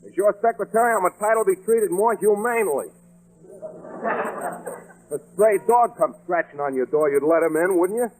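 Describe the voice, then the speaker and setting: An actor playing a wisecracking, scatterbrained male secretary, in 1940s radio comedy style with deadpan gags and touchy, wheedling complaints. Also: sits high, fairly quick, pauses often, poor audio. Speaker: secretary Frankie Remley. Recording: old radio broadcast with music.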